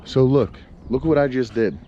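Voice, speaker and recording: A man's voice: mid-range voice, moderate pace, warm tone, dull audio, slight background noise. A man talking casually outdoors in his yard for a vlog, rambling and exasperated, with many fillers and restarts. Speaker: vlogger.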